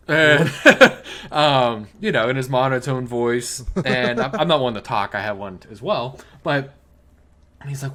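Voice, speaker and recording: Animated young man telling stories. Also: medium pitch, a little slow. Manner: animated storyteller, swearing, laughing often. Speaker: podcast co-host. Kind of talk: casual chat.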